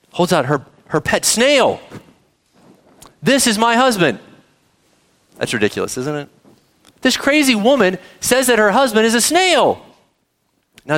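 A man delivers a sermon in a high voice that leaps up and down. He reads scripture aloud and keeps turning to the congregation with questions, speaking to the kids as well. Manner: animated preaching, asks the audience questions, addresses kids. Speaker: pastor.

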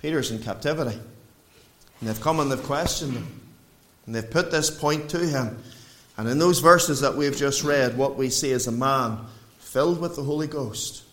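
A man preaching a sermon in a church, swinging between raised emphatic lines and quiet low passages. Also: moderate pace. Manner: preaching with wide swings in pitch and loudness. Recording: echoey room.

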